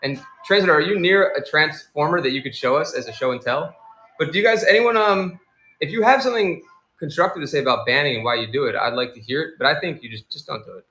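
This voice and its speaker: A man hosting a casual live stream as a seller, talking in a rambling, animated way and acting out the people in his stories. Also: fairly high pitch, fast talker, roomy sound. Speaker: livestream seller and host.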